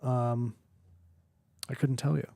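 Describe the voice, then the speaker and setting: A man chats on a podcast in an everyday mid-pitched voice, recorded close and dry. He teases his co-host with quick wry jokes and offhand asides. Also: little pitch movement, vocal fry, warm tone, no echo. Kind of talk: casual chat.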